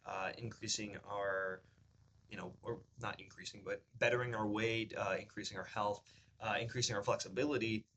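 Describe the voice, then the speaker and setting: A man vlogging about his acting journey in a casual, rambling way, full of fillers and restarts, his voice lifted above its usual low register as he talks. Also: fairly even intonation, moderate pace, bright, forceful tone, slight background noise. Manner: rambling, upbeat storytelling with many fillers and restarts; says his pitch rises above his normal low voice when he talks at length. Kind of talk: casual vlog chat.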